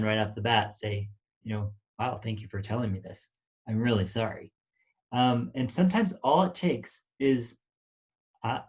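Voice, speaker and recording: A man teaching about relationships in a casual, conversational way, with many fillers and short acted-out example lines. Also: mid-range voice. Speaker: relationship coach.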